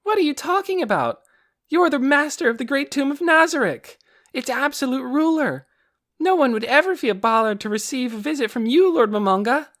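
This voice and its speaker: Man voicing a loud, bossy young dark elf girl. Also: extremely high pitch, animated, moderate pace, voice pushed up. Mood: cheerful. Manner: brash, shouting, scolding. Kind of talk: audiobook character voice.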